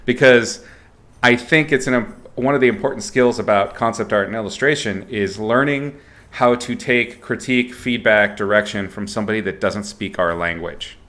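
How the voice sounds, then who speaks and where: Man, low voice, playful, laughs a lot, swears, casual livestream art lesson. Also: moderate pace, a bit bright. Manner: rambling, with fillers and restarts. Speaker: art instructor streaming.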